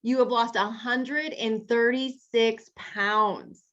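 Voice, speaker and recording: A fairly high-voiced woman coaches a weight-loss group over a video call, chatty and encouraging as she talks straight to her members. The call audio is dull and lo-fi. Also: steady tone, slow, a bit bright, a little hiss or hum.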